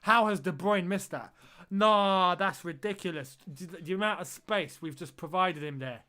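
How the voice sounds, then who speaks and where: A man's voice: high-pitched, normal speed, bright, forceful tone. A man streaming a football watch-along, reacting live to the match and repeating phrases as he groans and exclaims at the play.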